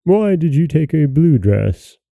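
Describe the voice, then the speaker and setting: A man voicing a proud, quick-tempered old king, speaking sternly and with wrath. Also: on the high side, very animated, creaky, no echo, narrow, tinny audio, voice pushed up, heavily acted. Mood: stately.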